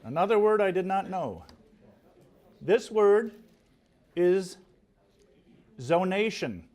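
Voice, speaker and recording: A man's voice: high-pitched, slow pace. A man reading out words and spelling them for a live spelling contest, joking with the contestants. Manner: animated, playful, joking with contestants. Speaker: spelling bee word caller.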